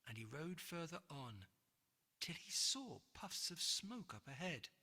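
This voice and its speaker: A woman reading a rhyming picture book aloud in an expressive, breathy voice with dramatic pauses. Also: low-pitched. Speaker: narrator. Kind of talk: rhyming storybook read-aloud. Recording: long hall reverb.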